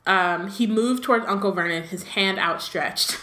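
A woman reads a novel aloud at an easy, casual pace and keeps stopping for chatty asides with a laugh. Her voice sits at a middling pitch. The room around her is noticeably echoey. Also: moderate pace, bright, forceful tone. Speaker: podcast co-host reading aloud. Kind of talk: casual read-aloud and chat.

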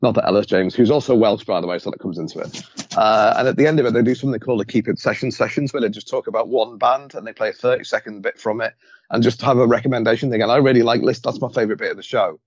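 A man's voice: on the low side, rapid-fire, husky, no room sound, dull audio. A man with a Scouse accent chatting on a podcast, enthusiastic, stumbling over words as he starts. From Liverpool, England. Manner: enthusiastic, repeats words when starting sentences. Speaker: podcast co-host. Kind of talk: casual chat.

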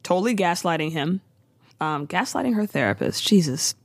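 A woman co-hosting a podcast, recapping a TV episode in casual, jokey chat with quick asides. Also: fairly low pitch, sing-song, no room sound.

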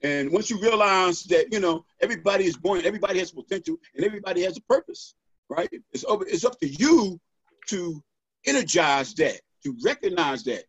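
High-voiced, husky man preaching motivation. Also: a little fast, no room sound. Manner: animated, preacherly, peppers talk with "right?". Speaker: podcast guest, author. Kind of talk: motivational podcast conversation. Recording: dull, dry lo-fi audio.

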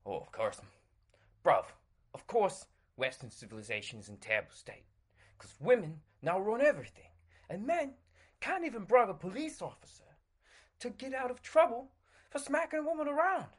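A man's voice: high-pitched, sing-song, normal speed. A man doing a comedic impression of a boastful British alpha-male influencer who calls everyone bruv. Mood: ranting.

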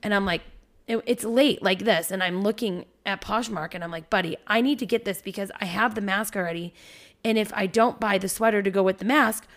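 A woman, a parent in her thirties, telling a story on a podcast in an animated, swearing, casual way. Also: mid-range voice, brisk. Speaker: podcast host.

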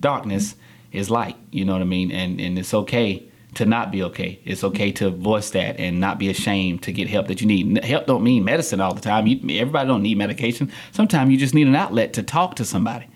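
A young adult man, a podcast guest, talking candidly and acting out the people he quotes in a studio interview. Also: fast talker. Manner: animated storyteller, acts out quotes with big pitch jumps.

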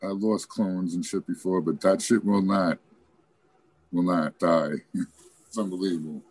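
A man with a husky voice in casual chat, enthusiastic and swearing freely. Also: low-pitched, fairly even intonation, a little slow, a little mellow, dry recording.

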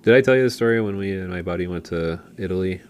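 A man's voice: low-pitched, fast, slight background noise. A man co-hosting a podcast, chatting casually and telling long jokes and stories in a laid-back way. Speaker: podcast co-host. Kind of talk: casual chat, storytelling.

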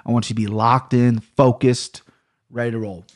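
A man's voice: medium pitch, fairly even intonation, moderate pace, darkish tone. A man hosting a casual sports betting podcast, chatty and rambling, often correcting himself mid-sentence. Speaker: podcast host. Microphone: headphones on a studio setup.

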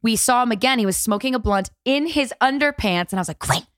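A woman's voice: on the high side, lively intonation, quick pace, a bit bright, dry recording, clean studio sound. A woman co-hosting a podcast in casual chat, telling brash stories with swearing and laughter. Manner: brash, storytelling, swears freely, laughs often. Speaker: podcast co-host.

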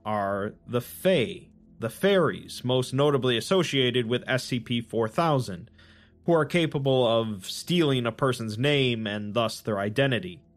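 Slow, deliberate male lore narrator. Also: mid-range voice. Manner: calm, explanatory, deliberate. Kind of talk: scripted narration.

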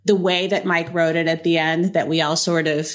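A woman hosting a podcast interview, playful and quick with jokes. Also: sits low, level tone. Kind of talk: casual interview.

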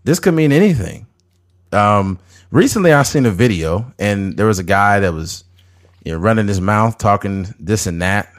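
A man's voice: lowish voice, lively intonation, moderate pace. Blunt, profane man in his thirties. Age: 30s. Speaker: podcast host. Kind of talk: casual chat.

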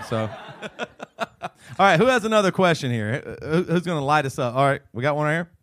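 A man's voice: a little high, lively intonation, a little fast, fairly bright tone, slight background noise. A man co-hosting a live podcast in front of an audience, joking and laughing through his stories. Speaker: podcast co-host. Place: live show venue.

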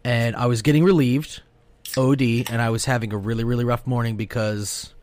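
Dry, animated man telling stories. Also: medium pitch, a little fast, no echo. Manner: animated, profane, quotes people in voices. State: sleep-deprived. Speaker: podcast co-host. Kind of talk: casual storytelling chat.

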